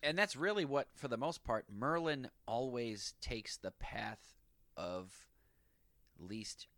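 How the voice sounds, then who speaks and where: A man's voice: medium pitch, animated, slow, a bit bright, dry recording. A man with an ordinary mid-range voice walks through a film's scenes one after another, agreeing often with his co-host. The recording is dry and close to the mic. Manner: agreeable, recounts scenes step by step. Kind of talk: casual film discussion.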